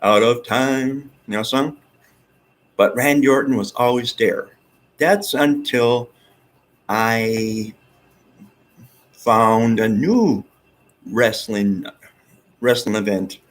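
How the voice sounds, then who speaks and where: A man vlogging in a rambling, excitable monologue, with some swearing. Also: mid-range voice, takes it slowly, long pauses, rough recording. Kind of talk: casual monologue.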